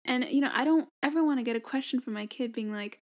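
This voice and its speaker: A young woman co-hosting a casual podcast, chatting and laughing often. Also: sits high. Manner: laughs often, quick asides. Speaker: podcast co-host. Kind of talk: casual chat.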